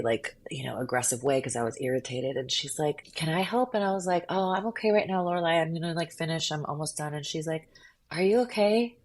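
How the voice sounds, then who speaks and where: A woman's voice: extremely low pitch, breathy edge. A woman actor as a podcast guest, telling reflective personal stories in casual chat.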